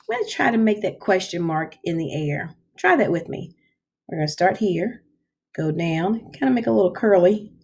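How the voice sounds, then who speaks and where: A woman teaching kindergarten, talking slowly and clearly in a sing-song voice and stretching out the hard words. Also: lowish voice. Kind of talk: slow, clear classroom instruction for young children.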